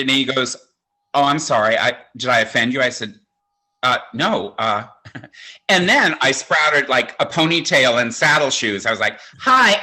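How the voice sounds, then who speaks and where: A man's voice: mid-range voice, pushed and bright, rough recording. A man in his sixties doing stand-up comedy, telling campy, self-mocking stories. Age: 60s.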